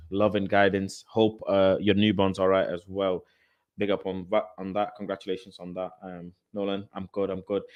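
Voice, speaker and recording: A man's voice: fairly low pitch, no echo, studio quality. A young man hosting a football fan live stream, reading out viewers' comments in slangy, repetitive, swearing-laced chat. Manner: animated, swears freely, repeats phrases, London slang. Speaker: fan channel host.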